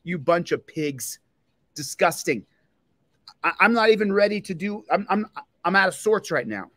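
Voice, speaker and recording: A man's voice: sits high, expressive, normal speed, a bit bright, dry recording, studio quality. A man hosting a livestream, ranting angrily and repetitively at a police department, fired up and confrontational. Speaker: livestream host and police auditor. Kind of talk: angry livestream rant.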